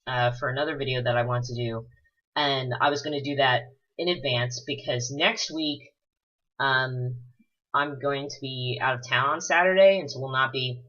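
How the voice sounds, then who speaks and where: Here the let's-play commentator, a man, has a sharp tone, medium pitch and a moderate pace. He rambles in a relaxed way full of fillers, with the odd curse, all captured in a dull lo-fi recording.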